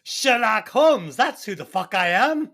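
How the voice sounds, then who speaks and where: A man hams up a pompous, bossy British detective in a homemade podcast skit, with a loud, drawling and clearly fake accent. The pitch sits a little high and swoops around as he throws out old-chap flourishes. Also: sing-song, a little slow, full character voice. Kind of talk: comedic amateur scene reenactment.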